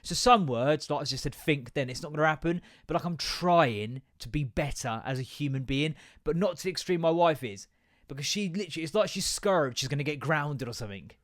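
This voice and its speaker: A man's voice: on the high side, lively intonation, a little fast, no echo, studio quality. A tired man, rambling through a self-mocking solo podcast. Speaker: podcast host. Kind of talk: casual solo podcast chat.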